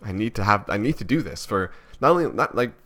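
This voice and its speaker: A man's voice: fairly low pitch, animated, brisk, a bit bright. A young man from Canada talking through his thoughts in a personal vlog, rambling and self-critical with many restarts. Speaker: vlogger.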